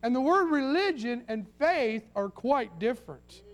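A preacher man with a high-pitched voice delivers a folksy sermon. He slips into little acted quotes and restarts his sentences often as he talks to his congregation. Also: expressive, a little slow, soft background music. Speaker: pastor.

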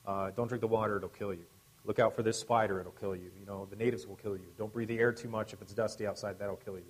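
A man with a low-pitched voice recounts his time as a military chaplain in a loose, conversational way. He is full of fillers and restarts, with a dry, self-mocking humor. At the heavy moments he drops almost to a hush. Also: little pitch movement, quick pace, rough recording. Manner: wry, self-deprecating humor. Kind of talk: personal storytelling testimony.

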